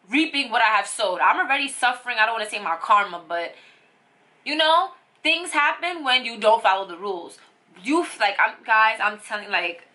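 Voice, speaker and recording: A woman's voice: medium pitch, bright, forceful tone. A young woman telling a personal story on her vlog, emotional and rambling with lots of fillers. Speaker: vlogger.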